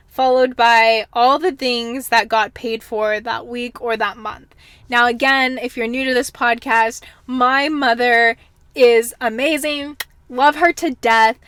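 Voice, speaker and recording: A woman's voice: a little high, measured pace, fairly bright tone, no room sound. A young woman hosting a casual solo podcast, reflecting candidly and chattily, her voice slightly worn as if she is losing it. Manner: chatty, candid, frequent ums and kinda. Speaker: podcast host.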